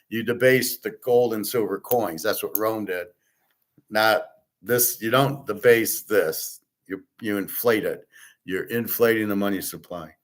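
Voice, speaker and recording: A middle-aged man hosting his own show, ranting bluntly and scornfully in an opinionated monologue. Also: fairly low pitch. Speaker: host.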